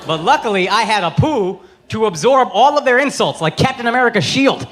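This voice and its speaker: Brash male stand-up comic in his thirties, high lively voice, on a handheld mic over roaring crowd laughter. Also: fairly quick, background noise. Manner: brash, profane, mocking delivery. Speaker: stand-up comedian. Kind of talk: stand-up comedy set. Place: comedy stage before a live audience. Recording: live show with loud crowd laughter.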